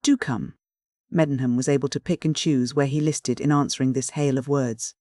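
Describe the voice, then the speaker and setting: An audiobook narrator reading a classic novel in measured, scripted narration. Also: medium pitch, steady tone, dark tone, no echo, studio quality.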